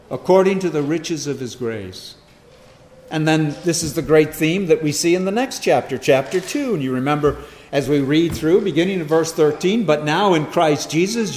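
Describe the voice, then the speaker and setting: A man preaching an expository sermon, emphatic, swinging between loud stress and hushed asides. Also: on the high side, animated, moderate pace. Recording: echoey hall, long reverb.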